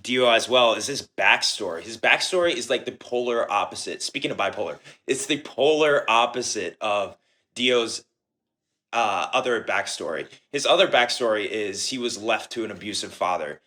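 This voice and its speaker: Low-voiced enthusiastic man chatting. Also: lively intonation, normal speed, pushed and bright. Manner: enthusiastic, many fillers. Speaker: podcast co-host. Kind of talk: casual book club chat.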